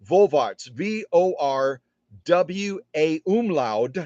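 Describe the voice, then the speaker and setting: A middle-aged man casually demonstrating a machine to camera in his workshop, chatty and self-deprecating, slowly spelling words out. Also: a little high, very animated, no room sound, lo-fi sound. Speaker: sewing machine restorer.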